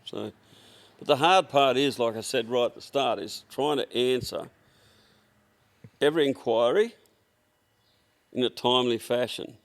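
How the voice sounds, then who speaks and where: A man's voice: mid-range voice, unhurried, long pauses. An older Australian man with a workshop, telling rambling, blunt anecdotes full of fillers and restarts in a casual interview. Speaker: workshop owner, guest.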